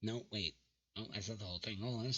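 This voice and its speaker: A man's voice: fairly low pitch, fairly even intonation, fast, sharp tone, slightly rough, dull audio. A young man hosting casual reaction commentary, mocking dating app messages in an exasperated way and swearing freely. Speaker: channel host reacting to dating app screenshots.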